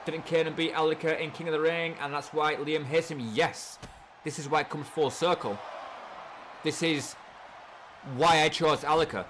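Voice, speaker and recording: Excitable English man commentating a stream. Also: fairly high pitch, normal speed, a little hiss or hum. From England. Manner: excitable, swears freely, repeats himself. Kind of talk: casual live-stream game commentary.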